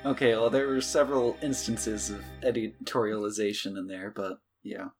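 A man's voice: lowish voice, moderate pace. Laid-back male game master, lots of ums, music behind. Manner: relaxed, many "um" and "uh" fillers. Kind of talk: narrating a tabletop game online.

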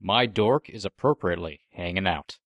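A man co-hosting a movie commentary podcast, cracking dry, deadpan jokes in casual chat. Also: low-pitched, normal speed, dry recording, dull audio. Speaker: podcast co-host.

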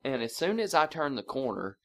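Animated swearing storyteller man. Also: mid-range voice, fairly quick. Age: adult parent. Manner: animated, laughing storyteller who swears freely. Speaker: podcast co-host. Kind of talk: casual chat, storytelling.

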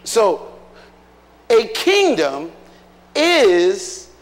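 A man's voice: sits high, wildly swooping pitch, drawn-out words. A man preaching a sermon, emphatic, putting questions to the congregation. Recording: long hall reverb.

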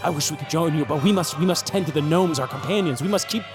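A man's voice: a little high, fast, over music, lightly acted. A man voicing a grim old gray shaggy male sheepdog who speaks solemnly in a tabletop game. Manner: solemn, pleading.

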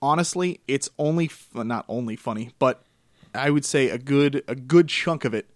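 A man co-hosting a gaming podcast, chatting casually and telling animated stories with frequent laughter. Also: medium pitch, moderate pace, dry recording, studio quality. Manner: laughs often, animated storytelling. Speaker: podcast co-host. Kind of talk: casual chat about games.

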